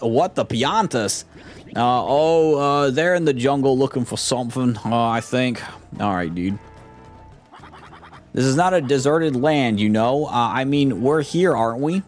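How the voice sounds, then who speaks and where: A young man with a mid-range, expressive voice and a slightly slow delivery casually comments on a video game he's playing, joking and rambling in heavy slang. He's a gaming streamer doing let's play commentary, with game music in the background.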